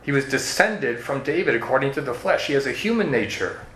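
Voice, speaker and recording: A man's voice: medium pitch, expressive, brisk, fairly bright tone, a little hiss or hum. A man preaching an expository sermon, walking listeners through the verses in an earnest teaching tone. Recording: echoey room with faint ambience.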